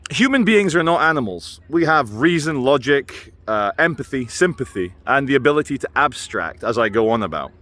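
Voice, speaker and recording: A man's voice: medium pitch, big pitch swings, normal speed, few pauses, fairly bright tone. A man rambling through a wry, meandering vlog monologue, musing aloud with asides while out on a walk and filming himself. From Britain. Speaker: video blogger. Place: outdoors on a walk.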